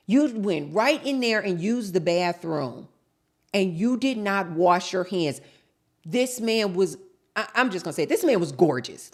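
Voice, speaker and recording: A woman's voice: medium pitch, lively intonation, a little slow. A woman vlogger chatting casually to her viewers, telling a story and acting out both sides of the dialogue. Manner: chatty, storytelling, addresses viewers as you guys; acts out both sides of quoted exchanges.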